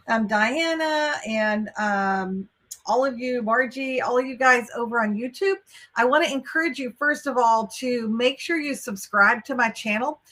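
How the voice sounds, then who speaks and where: Texan woman, webinar host, upbeat and chatty, higher bright voice. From Texas. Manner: chatty and upbeat, greeting viewers by name. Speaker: college admissions coach hosting a livestream. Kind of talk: live webinar talk.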